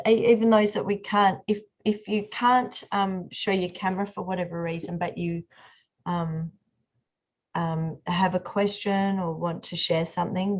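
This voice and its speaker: A woman leads an online workshop over a video call. She talks in a loose, chatty way, full of fillers and restarts, at a middling pitch. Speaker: workshop host.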